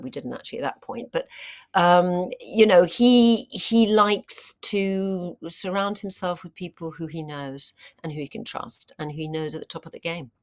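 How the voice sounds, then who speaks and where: A middle-aged woman, an actress, telling stories in a casual interview, animated and full of fillers and restarts. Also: low-pitched. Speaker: actress and screenwriter, interview guest.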